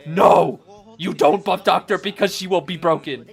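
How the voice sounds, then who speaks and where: A young man casually commenting on a tournament he is watching. He is excitable, uses slang, and breaks into shouts and cries of despair. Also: sits high, moderate pace, vocal fry. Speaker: gaming commentator reacting to a tournament. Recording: faint background music.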